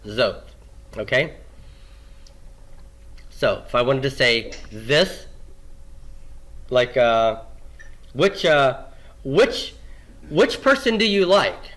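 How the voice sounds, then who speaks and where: A man's voice: mid-range voice, fairly bright tone. A man teaching Hebrew grammar in a classroom lecture, asking questions and answering them himself and repeating the key forms.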